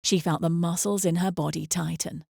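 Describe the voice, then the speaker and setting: A woman narrating an audiobook in a measured, expressive storytelling manner, close to the mic. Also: lowish voice, creaky, husky, dry recording.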